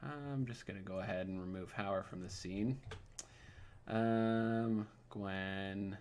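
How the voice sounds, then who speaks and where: A man's voice: fairly low pitch, fairly even intonation, slow pace, darkish tone, a little hiss or hum. A man narrating as game master of a tabletop game, casual and full of hesitant fillers.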